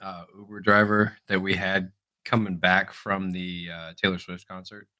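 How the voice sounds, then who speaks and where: A man co-hosting a podcast, telling stories in casual chat, animated, laughing often and swearing freely. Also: low-pitched, normal speed. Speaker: podcast co-host.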